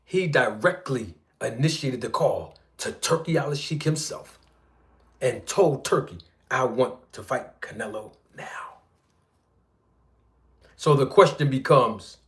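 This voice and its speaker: A man hosting casual boxing commentary for his viewers, teasing and playful, telling stories with sudden loud and soft swings. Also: medium pitch, expressive, unhurried.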